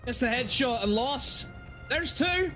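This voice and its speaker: A man doing live play-by-play commentary for an esports match, getting excited on big plays. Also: extremely high pitch, a little slow, faint music behind.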